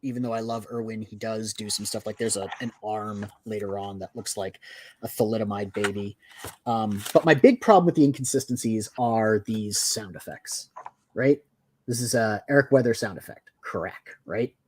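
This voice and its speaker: A man co-hosting a casual comic review chat, animated and picky about details. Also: lowish voice, moderate pace, a little hiss or hum. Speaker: podcast co-host.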